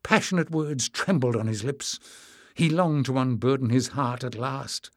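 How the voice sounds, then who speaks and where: A man reading a fantasy novel aloud in measured, expressive scripted narration. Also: medium pitch, no room sound, studio quality. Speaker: audiobook narrator.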